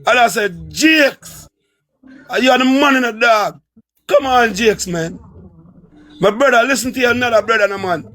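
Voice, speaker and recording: A Jamaican man with a very high, bright voice pleads with a friend to calm down. He keeps calling his name, coaxing and urging him again and again. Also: moderate pace, long pauses. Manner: urgent, coaxing, repeats name over and over. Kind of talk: pleading livestream talk.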